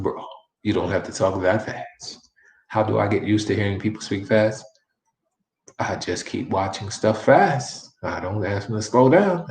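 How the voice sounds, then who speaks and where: A man's voice: on the low side, darkish tone, echoey room, a little hiss or hum, rough recording. A man teaching a live-streamed Spanish lesson, chatty and repeating each phrase many times for practice.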